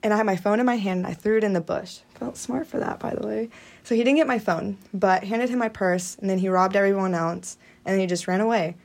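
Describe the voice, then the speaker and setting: A woman's voice: medium pitch, fast, creaky. A woman guesting on a podcast, telling a story in a giggly, laid-back way. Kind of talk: casual chat.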